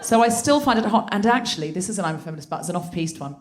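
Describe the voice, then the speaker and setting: A woman's voice: on the low side, rapid-fire. A woman hosting a live comedy podcast on a theatre stage, telling stories with lots of laughter. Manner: animated, laughing storytelling. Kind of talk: live stand-up style banter.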